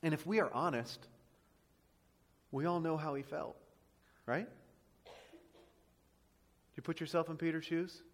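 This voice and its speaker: A man preaches from the pulpit in a booming, dramatic voice, dropping low and then surging loud again. His voice sits a little higher than most men's. The sound rings with the long reverb of a church sanctuary. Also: a little slow, long pauses. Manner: booming preacher voice, swings between loud and quiet. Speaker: pastor. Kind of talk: sermon.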